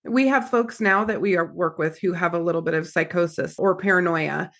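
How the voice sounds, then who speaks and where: American woman therapist on a podcast, lively storyteller, does little voices for quotes, casual chat. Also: fairly low pitch, a little fast. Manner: animated storyteller, acts out quotes.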